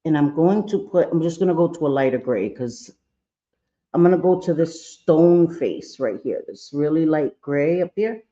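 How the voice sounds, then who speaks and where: Brief: man, makeup livestream host, chatty and playful, fairly high, mellow, muffled lo-fi audio. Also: lively intonation, normal speed. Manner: chatty, playful, scolds his own eye and brush aloud. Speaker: makeup vlogger. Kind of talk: casual makeup tutorial livestream.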